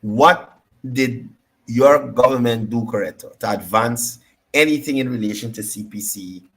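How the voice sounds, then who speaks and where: A man's voice: mid-range voice, unhurried, a bit bright, husky. A man with a Guyanese accent hosting a political talk show, combative and repeating his points for emphasis. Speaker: political commentary host.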